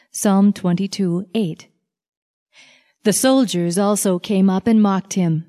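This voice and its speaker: A woman reading Bible passages aloud in a measured, deliberate scripted reading. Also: mid-range voice, steady tone, mellow. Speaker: scripture reader.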